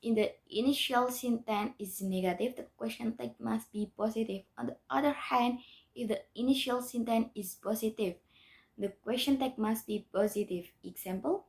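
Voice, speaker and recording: A woman's voice: fairly high pitch, normal speed, vocal fry, darkish tone. A young woman, a student, reading a grammar lesson aloud in a careful, methodical way with small restarts. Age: young adult. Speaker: student presenter.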